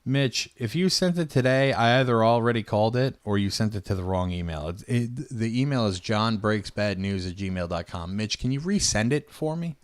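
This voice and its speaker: A man's voice: fairly low pitch, lively intonation, normal speed, hardly any pauses. A man hosting a casual livestream, offhand and trailing off into mumbles. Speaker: streamer host.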